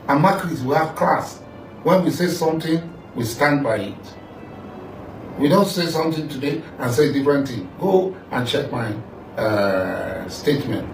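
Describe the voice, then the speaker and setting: A man's voice: medium pitch, darkish tone. A middle-aged Nigerian man delivering a confrontational statement, accusing and repeating himself as he talks straight at the listener. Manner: accusing, repetitive, addresses the listener directly. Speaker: political figure making a statement. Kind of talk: confrontational monologue. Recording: echoey room, voice far from mic, faint music.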